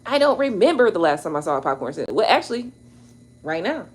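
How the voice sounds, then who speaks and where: A woman, hosting a casual chat to her viewers, animated, exclaiming and laughing as she talks. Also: mid-range voice, fast, slightly rough. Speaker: tarot channel host.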